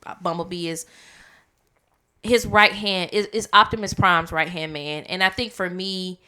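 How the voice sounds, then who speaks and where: A woman's voice: fairly low pitch, fairly even intonation, measured pace, pushed and bright, smooth. A woman co-hosting a podcast, casually discussing a movie, chiming in and pushing back on points. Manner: chatty, interjecting and correcting. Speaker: podcast co-host. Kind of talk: casual movie review chat.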